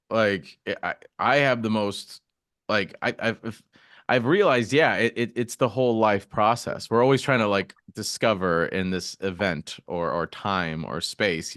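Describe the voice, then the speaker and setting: A man hosting a podcast, chatting casually and animatedly, with quick asides. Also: lowish voice, fairly bright tone, dry recording, clean studio sound. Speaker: podcast host.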